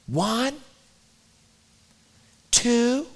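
A man's voice: very high voice, lively intonation, extremely slow, long reverb tail, heavily acted. A man voicing a fretful mother who pleads and calls her son inside in a singsong way. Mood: pleading.

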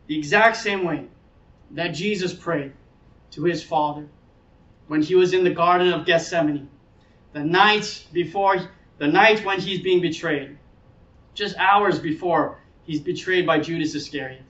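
A man's voice: high-pitched, a bit bright. A man preaching a sermon in an earnest way, now and then acting out the voices of people in his story. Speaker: pastor. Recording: echoey hall, speaker far from mic, dull sound.

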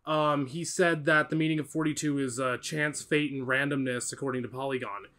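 A man co-hosting a casual podcast chat, animated and steering the topics. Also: medium pitch, fairly quick. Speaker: podcast co-host.

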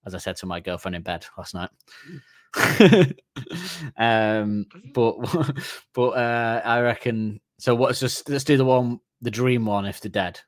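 A man's voice: mid-range voice, takes it slowly, no room sound, studio quality. A man co-hosting a podcast in casual chat, rambling and correcting himself, laughing at his own jokes. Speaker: podcast co-host.

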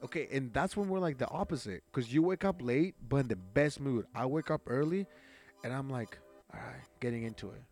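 A young man co-hosting a casual podcast chat, animated and swearing freely, often mimicking other people in high voices. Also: a little fast, faint music behind. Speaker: podcast co-host.

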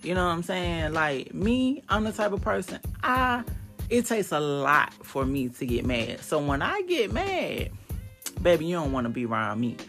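A woman hosting a podcast in a chatty, casual monologue with emphatic, animated bursts. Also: low voice, normal speed, soft background music. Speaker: podcast host.

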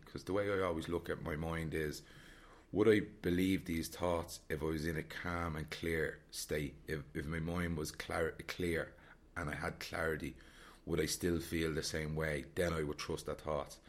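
A man from Dublin with a Dublin Irish accent, chatting candidly and reflectively about travelling alone, rambling and repeating himself. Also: low voice. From Ireland, Dublin. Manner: rambling, frank, repeats phrases. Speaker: solo traveller vlogger.

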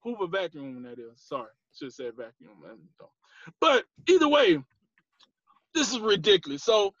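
Man, sports podcast co-host, playful slangy trash talk, high voice, dry lo-fi sound. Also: sing-song, moderate pace, a bit bright, no room sound. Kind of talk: joking sports chat.

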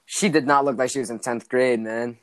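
A teenage boy shoots the breeze on a casual podcast, cracking crude jokes and tripping over his own restarts. His voice sits at an ordinary pitch and sounds dry and close. He sounds like he's on a call. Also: fairly even intonation, brisk, no echo. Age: teens. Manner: crude joking, rambling with many restarts. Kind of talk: casual chat.

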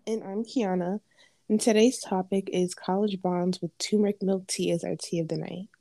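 Young woman co-host, warm low-key tone, playful chatter, close dry mic. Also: steady tone, gravelly, dry recording. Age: young adult. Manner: chatty and playful, with quick asides. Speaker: podcast co-host. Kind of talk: casual chat.

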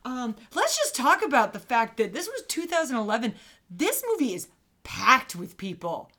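A woman co-hosting a casual podcast talks with lively energy, laughing often and swearing freely. Her voice sits a little higher than most women's. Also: normal speed. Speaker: podcast co-host. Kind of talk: casual movie discussion.

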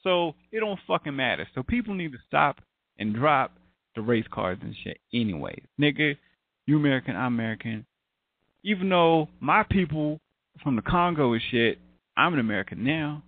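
A man's voice: fairly high pitch, sing-song, normal speed, no room sound. A man hosting a casual group chat, talking loosely and profanely and laughing often. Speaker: podcast host. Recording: tinny phone-like line, dry.

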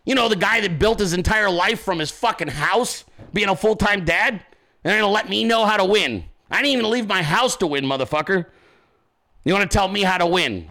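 A man's voice: high-pitched, bright, forceful tone. A man hosting his own show from a home desk, ranting in profane, combative, mocking commentary. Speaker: podcast host.

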